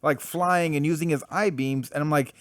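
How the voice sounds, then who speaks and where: A young man giving a casual spoken comic book review, blunt and animated, swearing freely and full of fillers. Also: fairly high pitch, normal speed, dry recording, clean studio sound.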